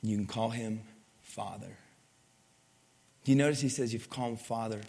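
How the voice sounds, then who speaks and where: A pastor preaches a conversational sermon, often asking his listeners for an amen. His low, steady voice is gravelly and mellow with a breathy edge, moving at normal speed, and a long hall reverb trails behind it.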